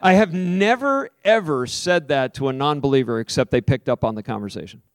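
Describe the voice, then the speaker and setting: A man's voice: animated, no echo, studio quality. Emphatic American preacher, man. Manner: emphatic, with sudden high swings and drawn-out stressed words. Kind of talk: sermon.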